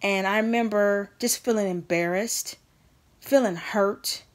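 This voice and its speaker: A woman's voice: medium pitch, measured pace. Woman vlogger, mid-range voice, earnest and emphatic personal storytelling to camera. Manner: earnest, emphatic, talks straight to viewers.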